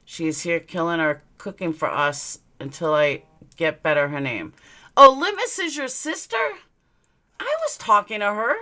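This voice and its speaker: A woman's voice: fairly low pitch, big pitch swings, moderate pace, pushed and bright. A woman hosting a live stream and chatting casually. She tells rambling personal stories bluntly and swears freely. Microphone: webcam mic, looking into camera.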